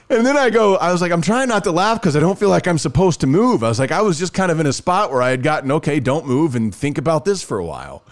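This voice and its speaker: A man's voice: on the high side, quick pace, hardly any pauses. A man in casual podcast chat, telling a long personal story and acting out the other people's lines. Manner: animated, acts out quoted dialogue.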